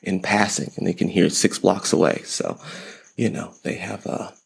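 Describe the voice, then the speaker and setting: Podcast host, a man in his thirties, low and gravelly, rambles through parenting advice with self-deprecating jokes. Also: moderate pace. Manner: rambling, repeats words, light self-deprecating humor. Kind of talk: casual parenting advice monologue.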